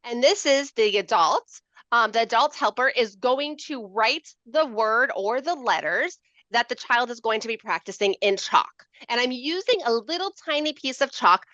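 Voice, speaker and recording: Woman educator, bright lively voice, dry dull video-call sound, playful demo style. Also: fairly high pitch, moderate pace, dry recording. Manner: animated, playful, asks questions. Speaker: literacy educator. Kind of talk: lively teaching demonstration.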